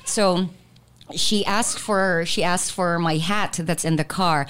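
A woman's voice: lowish voice, slow, smooth. Candid woman telling stories. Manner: candid, animated storytelling. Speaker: podcast co-host. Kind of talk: casual chat.

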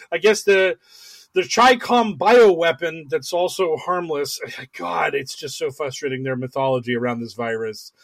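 A podcast co-host with a fairly high voice, pushed and bright, rants sarcastically through casual political banter. His talk is full of fillers and restarts, and the recording has no echo.

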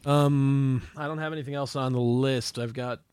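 A man's voice: mid-range voice, steady tone, normal speed, darkish tone, smooth, dry recording, clean studio sound. A man hosting a podcast, enthusiastically hyping his co-host and playfully ranting. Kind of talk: casual comedic banter.

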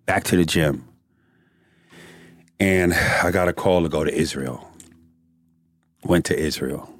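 A man's voice: deep voice, slow pace, long pauses, no room sound, clean studio sound. A middle-aged man telling his story in casual, profane conversation and laughing often as he talks.

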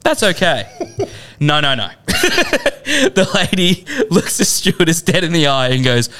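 Speaking unhurriedly in a slightly high voice, a male podcast co-host spins a comic story. He stays animated throughout, laughing often and cursing without restraint.

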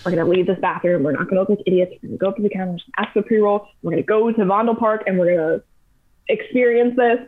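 Podcast guest: chatty young woman, animated storyteller, thin phone-like sound. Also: medium pitch, fast talker. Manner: chatty, animated retelling with lots of "like". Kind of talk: casual storytelling. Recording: tinny phone-like line.

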